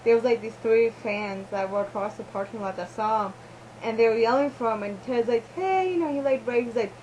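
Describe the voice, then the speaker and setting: A woman's voice: on the high side, fairly even intonation, brisk, darkish tone, muffled recording, a little hiss or hum. A young woman co-hosting a podcast in casual chat, eagerly chiming in and telling her side of the story. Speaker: podcast co-host.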